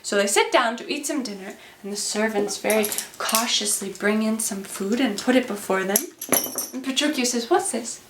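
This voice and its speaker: A woman casually retelling a classic play as a story, expressive and playful with dramatic repeats. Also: a little high, moderate pace, roomy sound, noisy background. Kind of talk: casual, animated story summary.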